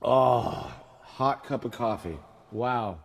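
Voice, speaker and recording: A man's voice: medium pitch, takes it slowly. A man streaming from his home studio, chatting casually and rambling as he jokes at his own expense. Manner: rambling, self-mocking, repeats tongue twisters. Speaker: streamer making music. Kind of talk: casual livestream chat.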